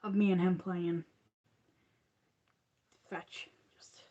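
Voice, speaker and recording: A woman's voice: on the low side, little pitch movement, slow pace, long pauses, narrow, tinny audio. A woman hosting a crochet livestream, chatting casually and rambling with frequent laughs.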